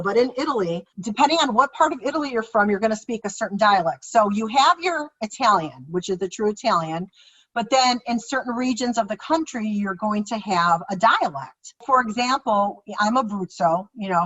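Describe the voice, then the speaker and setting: A woman co-hosting a podcast who talks in a lively, excitable way and jumps into little acted-out versions of her own reactions. Her voice sits at a middle pitch. The recording sounds slightly muffled and dull. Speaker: co-host and children's author. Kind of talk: casual conversational storytelling.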